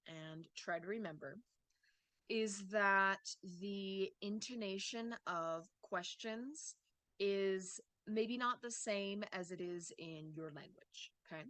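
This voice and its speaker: A woman teaching English speaks slowly and patiently, often pausing to check that her students follow. Her voice is bright and a little low, and the sound is dry and close. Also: no echo. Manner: slow, patient explaining with frequent "okay?" checks. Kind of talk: online English lesson.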